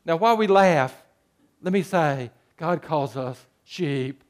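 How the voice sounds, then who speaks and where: Animated preaching man, fairly high voice. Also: slow pace. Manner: preaching, animated with rising jokes and sheep bleats. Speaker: pastor. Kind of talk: sermon.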